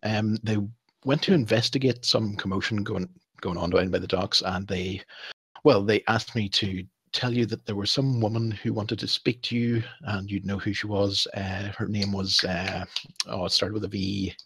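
A man's voice: fairly low pitch, fairly even intonation, a bit bright, husky, no room sound. A man voicing a hesitant male messenger who stumbles through his news in a tabletop game. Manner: hesitant, halting, full of "uh".

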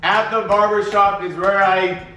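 A young man casually shouting out guesses during a party word game with friends. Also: high voice, steady tone, unhurried, soft background music. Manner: loud, guessing phrases out loud. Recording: echoey room, far from mic, chatter behind.

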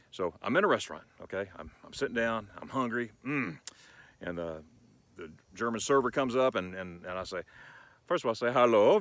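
A lower-pitched man teaches German restaurant phrases in a relaxed vlog. His voice swings widely up and down as he jokes and gets excited about food, then slows down carefully for each German phrase. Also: no echo. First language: English. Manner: animated, playful, enthusiastic, slows for German phrases. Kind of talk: casual vlog lesson.

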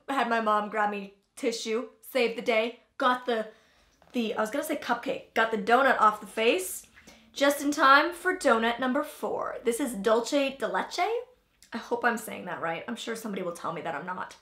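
Bright, chatty young woman in an echoey room. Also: fairly high pitch, normal speed. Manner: chatty, filler-heavy, talks while chewing. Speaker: vlogger host. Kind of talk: casual taste-test chat.

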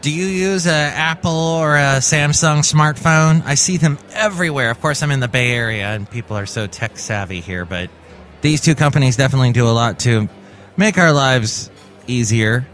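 A male podcast host chats in a playful, rambling way at a middle pitch. He drifts between silly banter and reading a news item, with music faintly behind him. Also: moderate pace, fairly bright tone. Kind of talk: comedic solo podcast with news segment.

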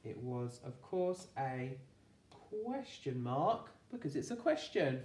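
An English woman teaching a phonics lesson for young children, slowly sounding out words phoneme by phoneme with clear, encouraging delivery. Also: very deep voice, very animated, mellow, recorded from a distance. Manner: slow, sounding out phonemes one by one. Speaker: primary school teacher. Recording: echoey room, voice from off-mic.

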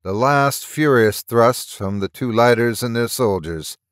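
A man narrating a horror story at a steady, measured pace, close to the mic. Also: medium pitch, no echo. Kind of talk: audiobook reading of a story.

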